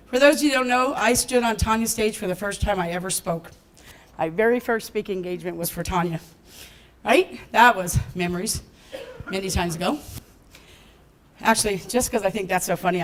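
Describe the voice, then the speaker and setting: A woman giving a lively talk at a business event, laughing often and acting out what people said to her. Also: medium pitch, a little fast, rough recording. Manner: animated, laughs often, acts out quotes. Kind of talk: motivational stage talk with storytelling. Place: event stage before a live audience.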